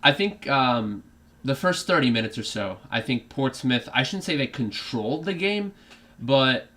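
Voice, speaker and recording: A man with a bright, forceful voice talks through a football match as a fan host. He thinks aloud, hedges, and corrects his own points as he goes. His pitch sits in an ordinary middle range. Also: lively intonation, measured pace. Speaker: fan channel host giving live match reaction. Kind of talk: casual live commentary.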